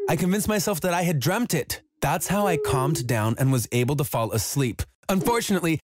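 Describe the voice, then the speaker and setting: A man telling a scripted first-person story in an even, measured way. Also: on the high side. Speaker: narrator.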